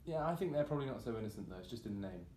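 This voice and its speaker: A man's voice: medium pitch, very animated, racing, darkish tone. A man in his twenties co-hosting a podcast, musing aloud in a rambling, casual way. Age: 20s. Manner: rambling musings with frequent restarts and laughs. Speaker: podcast co-host. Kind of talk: casual comedic chat. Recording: roomy echo with faint noise.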